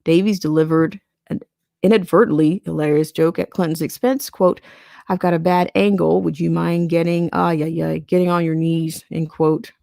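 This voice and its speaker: A woman's voice: on the low side, fairly even intonation, normal speed, vocal fry, a little mellow, no room sound, studio quality. A woman hosting a podcast, reading a news article aloud and breaking in with sarcastic asides. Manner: sarcastic asides between read quotes. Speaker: podcast host.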